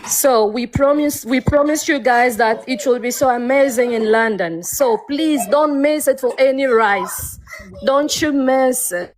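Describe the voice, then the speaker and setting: A woman's voice: high-pitched, a little slow, rough recording. Earnest woman urging ticket sales. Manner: earnest, polite pleading. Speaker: guest promoting a show. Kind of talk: casual promotional appeal.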